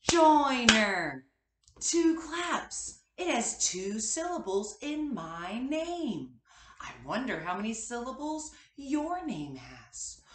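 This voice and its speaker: A woman teaching a kindergarten class its morning meeting, slow and encouraging as she speaks to small children. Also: mid-range voice, fairly bright tone, roomy sound.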